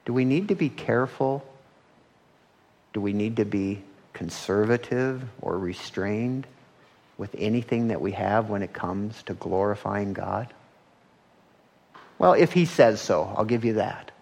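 A man preaching a sermon in a conversational way, often checking in with "right?" and getting louder and higher as he grows animated. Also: vocal fry, breathy edge. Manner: conversational, often asks "right?" and rises in pitch when animated. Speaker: pastor.

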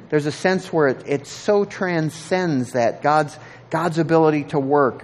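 A man preaching a sermon in an earnest, halting way, often repeating words as he searches for the next thought. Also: medium pitch. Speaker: pastor.

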